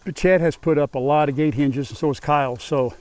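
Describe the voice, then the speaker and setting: A man's voice: fairly quick, darkish tone. Folksy older man chatting outdoors on a farm. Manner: folksy, chatty, calls out to animals in a high coaxing voice. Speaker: farm vlogger. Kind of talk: casual farm vlog, talking to camera while working. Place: outdoors on a farm, animal pen.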